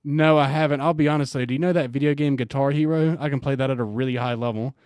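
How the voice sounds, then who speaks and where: A young man co-hosting a radio show, answering in a measured, dry way and laughing easily. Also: medium pitch, fairly even intonation, a little mellow, clear, resonant tone, no room sound. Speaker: radio co-host. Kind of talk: casual radio chat.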